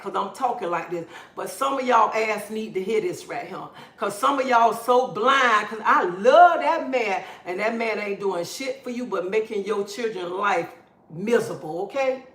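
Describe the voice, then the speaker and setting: A woman's voice: mid-range voice, normal speed, a bit bright, reverberant. Fiery woman ranting on a phone livestream. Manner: preachy, blunt, fiery. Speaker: livestream host. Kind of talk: impassioned livestream rant.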